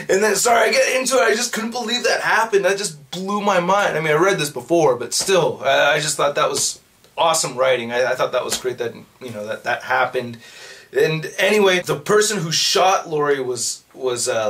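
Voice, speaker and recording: A man giving a casual, excited recap of a comic book, swearing freely and acting out the characters' lines. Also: fairly high pitch, a little hiss or hum.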